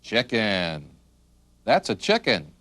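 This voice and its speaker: A man teaching young children the names of animals in a slow, sing-song way, making the animal sounds. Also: lowish voice, huge pitch swings, a bit bright, no echo. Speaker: children's video narrator.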